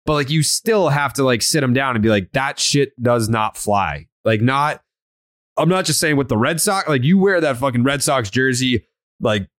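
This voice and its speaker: A man's voice: mid-range voice, expressive, normal speed, fairly bright tone, no echo, clean studio sound. A man hosting a casual sports podcast, blunt and swearing often, with many fillers and restarts. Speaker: podcast host.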